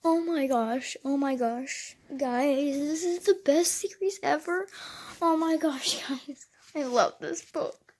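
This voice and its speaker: Speaking slowly in a high-pitched, somewhat mellow voice, a teen girl makes a casual vlog in her bedroom about having just finished a book series. She gushes, drops to whispers, and keeps saying "oh my gosh."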